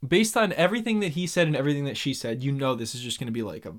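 A man's voice: medium pitch, very fast. Chatty male reality-TV recapper. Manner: animated, acts out quotes in raised voices, laughs often. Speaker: podcast co-host. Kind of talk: casual reality-TV recap chat.

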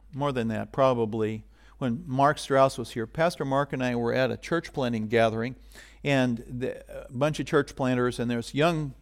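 A middle-aged man preaching a sermon as pastor, animated and getting loud for emphasis. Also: mid-range voice.

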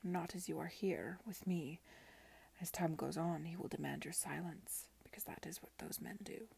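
A woman reading as a brooding, possessive young gentleman. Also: on the low side, moderate pace, vocal fry, breathy edge. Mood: intense hushed.

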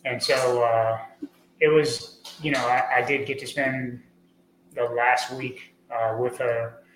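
A man talking as a podcast guest, earnest and rambling, with many fillers, getting lively when he tells stories. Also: mid-range voice, slow. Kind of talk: conversational interview. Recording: echoey room with faint noise.

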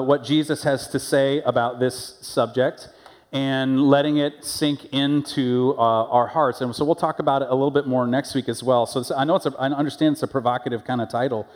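A man with a mid-range voice preaches a sermon as a pastor in a church sanctuary with a big-room sound. He tells stories conversationally and gives animated voices to the people in them.

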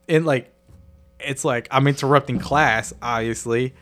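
Young guy on a podcast, cussing, laughing through a story, medium pitched voice. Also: a little slow. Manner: profane, laughing, animated storytelling. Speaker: podcast co-host. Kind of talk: casual storytelling chat.

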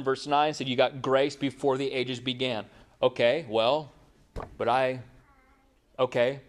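A man preaching a sermon, asking the room questions and acting out little dialogues as he goes. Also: mid-range voice. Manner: animated preaching, rhetorical questions, acts out dialogue. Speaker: pastor.

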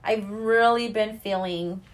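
Talking to camera from her kitchen, this thirty-something vlogger rants and cusses freely in a casual chat with viewers. Her medium-pitched voice holds a steady tone, and she takes it slowly.

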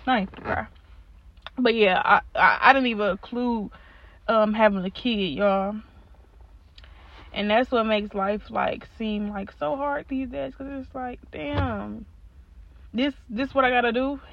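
A woman's voice: fairly high pitch, measured pace, vocal fry, lo-fi sound. A young woman hosting a solo podcast, venting in a blunt, profane, exasperated way, laughing now and then. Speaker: podcast host.

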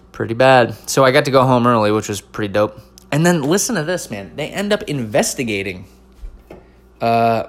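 Guy from north carolina doing stand-up, lots of swearing, voice jumps all over. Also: mid-range voice. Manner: animated, swears a lot, swings between loud outbursts and mumbled asides. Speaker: stand-up comedian. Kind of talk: profane comic storytelling.

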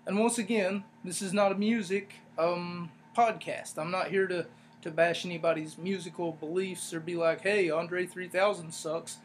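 Man, podcast host, slightly high voice, rambly sarcastic rants, faint hum behind. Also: steady tone, normal speed. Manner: rambling, ranting, sarcastic, lots of fillers. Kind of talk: casual solo podcast review.

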